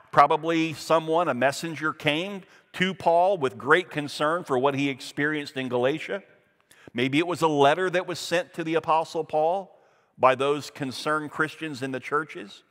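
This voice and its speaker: Male pastor, fairly high voice, emphatic sermon delivery, echoing church hall. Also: a bit bright. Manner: earnest, emphatic preaching with scripture readings.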